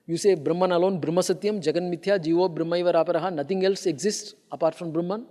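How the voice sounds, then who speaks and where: A man's voice: high-pitched, steady tone, quick pace, mellow. A man giving a conference lecture on philosophy, explaining and stressing points, often repeating and restarting his phrases. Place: conference hall. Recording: long hall reverb.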